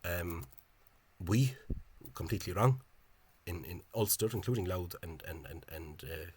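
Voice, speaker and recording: A man explaining spelling in a casual, halting monologue. He is opinionated and often repeats words and fills gaps with hesitations. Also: sits low, slight background noise. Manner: opinionated, dismissive of official spelling. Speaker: language enthusiast explaining spelling.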